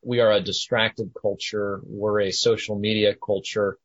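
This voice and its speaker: A man hosting a conversation, measured and steady, with occasional stammered restarts. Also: lowish voice, dry recording, highs cut off. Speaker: host. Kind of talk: conversational interview.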